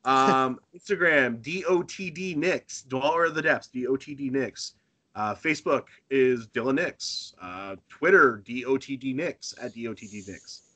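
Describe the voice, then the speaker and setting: A man from Northern Maine, a pro wrestler guest in a casual interview, telling animated stories and chuckling often. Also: mid-range voice, a little slow.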